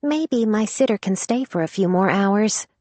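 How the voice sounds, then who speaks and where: A woman's voice: medium pitch, animated, moderate pace, a little mellow, no room sound, voice pushed up, natural voice. Woman doing a nervous, practical young woman.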